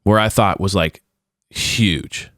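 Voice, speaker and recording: A man's voice: low-pitched, slow pace, no room sound, studio quality. A man co-hosting a podcast, retelling a reality show episode in casual chat and acting out the quotes. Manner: animated retelling, acts out quotes in shifting voices. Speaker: podcast co-host.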